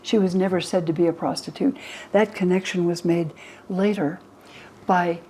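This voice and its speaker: An animated storyteller in her eighties, this American historian of religion acts out quotes during a documentary interview. She has a lowish voice at normal speed, and the rough recording carries a little hiss or hum.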